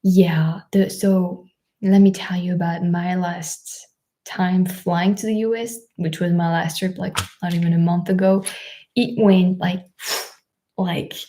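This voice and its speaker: A young woman with a French accent, hosting a casual live stream, chatting with many fillers and quick laughs. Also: on the low side, fairly even intonation, warm tone. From France. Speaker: live stream host reading chat.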